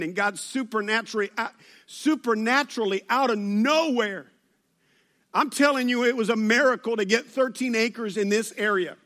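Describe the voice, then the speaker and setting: A pastor with a drawl delivers a sermon in a high, light voice. He talks to his congregation conversationally and teases them with jokes. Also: moderate pace, pushed and bright. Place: church service.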